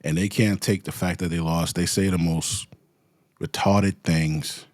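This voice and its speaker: A man's voice: deep voice, steady tone, measured pace, dry recording. A man giving a heated, profane commentary rant full of slang, as the show's host. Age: adult with children. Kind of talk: ranting commentary.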